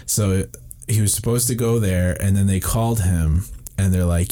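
A young man with a very low, dark voice talks on a podcast. He retells stories with animated energy and swears freely. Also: normal speed. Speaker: podcast co-host. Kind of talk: casual podcast chat.

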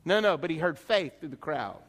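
A man's voice: fairly high pitch, animated, brisk, a bit bright. A male pastor preaching a sermon, emphatic, peppering the congregation with rhetorical questions. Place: church sanctuary. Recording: long reverb in a church hall.

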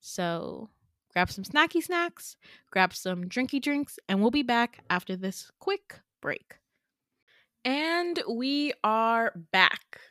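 A woman's voice: on the high side, very animated, takes it slowly, sharp tone, no room sound, clean studio sound. A young woman hosting a podcast and telling a dream story in casual chat, full of fillers, swearing and self-mocking laughs. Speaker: podcast host. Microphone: home podcast mic.

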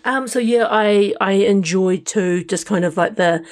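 A man's voice: high-pitched, unhurried. A man co-hosting a casual podcast about shows, easygoing and hedging, with lots of "like" and "kind of". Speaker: podcast co-host. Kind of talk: casual entertainment review chat.

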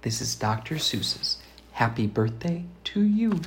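A man's voice: medium pitch, big pitch swings, a little slow, slight background noise. A man reading a rhyming children's book aloud as a father, in a sing-song rhythm that often drops to a whisper. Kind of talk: storybook read-aloud.

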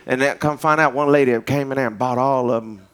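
A man giving a casual storytelling sermon, animated and joking as he talks straight to his listeners. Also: mid-range voice, a little fast, clear, resonant tone.

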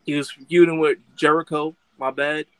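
A man co-hosting a casual wrestling podcast, ranting in an animated, profane, indignant way. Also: fairly high pitch, moderate pace, smooth, dry recording. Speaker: podcast co-host.

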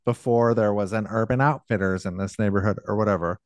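In clean studio audio with no room sound, a man speaks quickly in a fairly low voice. He co-hosts a podcast and drifts through long, casual stories stuffed with filler words.

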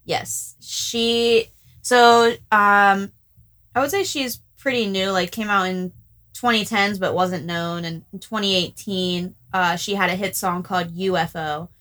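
A woman's voice: mid-range voice, fairly even intonation, a little slow, a bit bright. A young woman co-hosting a casual podcast, telling a story in a chatty way with lots of "like.". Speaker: podcast co-host. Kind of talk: casual chat.

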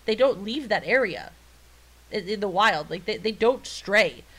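A woman co-hosting a podcast in casual, excited chat, swearing freely and laughing often. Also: medium pitch, a little slow, slightly rough. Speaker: podcast co-host.

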